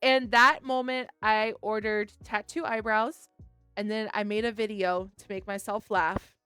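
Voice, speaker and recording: A woman's voice: medium pitch, a little slow, clear, resonant tone, no room sound, faint music behind. A woman co-hosting a podcast, telling her own stories candidly in casual chat and acting out her reactions. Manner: animated storyteller, acts out her own reactions. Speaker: podcast co-host.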